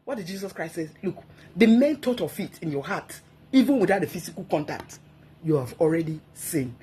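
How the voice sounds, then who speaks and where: A woman's voice: lowish voice, big pitch swings, brisk, warm tone, slightly rough. A woman, a guest speaker giving emphatic, preachy advice on marriage and often repeating herself for effect.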